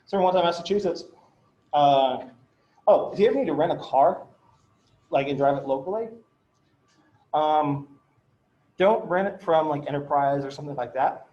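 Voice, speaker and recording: Male law lecturer, loose and chatty, fairly high voice, echoey dull classroom sound. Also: normal speed, pauses often, warm tone. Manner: chatty, filler-heavy, swears, checks in with "right?". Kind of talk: casual classroom lecture with anecdotes.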